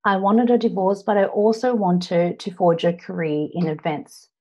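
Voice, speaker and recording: An Australian woman in her thirties giving an earnest personal story speech, often pausing on "now" to set up the next part. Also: medium pitch, fairly even intonation, mellow. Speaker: public speaker.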